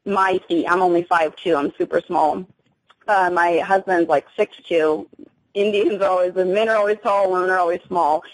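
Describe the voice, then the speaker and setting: A woman's voice: fairly low pitch, low-quality recording. A young adult woman gives an emotional first-person account as an interview guest, often stopping to restart her sentences and using many fillers. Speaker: guest recounting an encounter.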